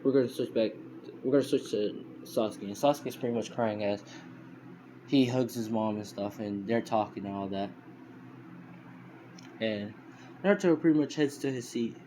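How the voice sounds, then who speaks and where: A young man with a somewhat low voice tells a story in a loose, rambling way, full of fillers and restarts. He was recorded on a phone, and a steady hiss sits clearly under his voice. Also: moderate pace, pauses often. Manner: rambling, heavy on fillers and self-corrections. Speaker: fan storyteller. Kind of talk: casual retelling of a fan story. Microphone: phone screen recorder.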